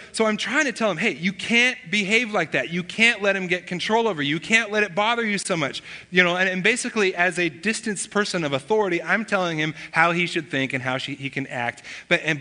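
A man's voice: high voice, bright, forceful tone. A man preaching a sermon as pastor, telling stories in a conversational way and acting out bits of family dialogue. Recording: long reverb of a large hall.

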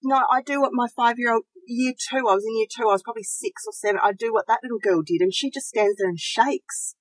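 A woman's voice: a little high, fast talker, no room sound, rough recording. A woman, talking openly and reflectively about her own feelings in a casual podcast chat. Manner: open, reflective, self-searching, lively. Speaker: podcast co-host.

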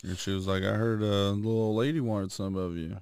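A man's voice: fairly low pitch, fairly even intonation, fairly quick, a little mellow, smooth, no echo, clean studio sound. A young man co-hosting a podcast, joking crudely in casual chat. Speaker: podcast co-host.

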